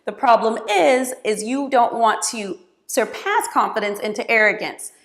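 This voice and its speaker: A woman in her thirties, a career coach giving expressive, hands-on advice straight to camera. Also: fairly high pitch, normal speed. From United States. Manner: expressive, gestures a lot while talking.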